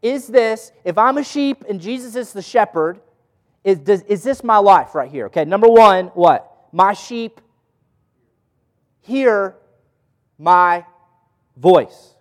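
High-voiced pastor teaching in a hall. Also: male voice, animated, moderate pace. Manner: asks the audience questions. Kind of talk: interactive Bible teaching.

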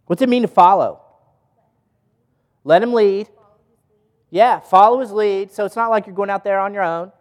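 A man's voice: high-pitched, moderate pace, pauses often, in a large hall. A man teaching a Bible study as a pastor, often asking the audience questions.

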